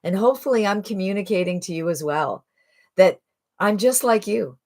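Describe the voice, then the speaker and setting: A woman's voice: medium pitch, lively intonation, moderate pace, a little mellow. Rambling, chatty woman in her sixties. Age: 60s. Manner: rambling and chatty, lots of fillers and restarts. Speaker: online marketing promoter. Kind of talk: casual sales pitch to camera.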